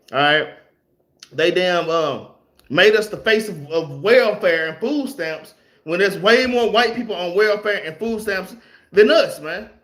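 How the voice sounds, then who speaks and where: High-voiced man giving slangy Bible teaching. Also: a bit bright. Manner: loose, slangy, repeats words, reads verses slowly. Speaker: street preacher teaching scripture.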